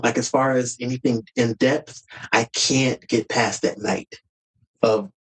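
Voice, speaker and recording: A man's voice: medium pitch, fairly even intonation, a little slow, fairly bright tone, husky, rough recording. A man as a podcast guest, telling a personal family story earnestly and with emotion, sometimes acting out heated words.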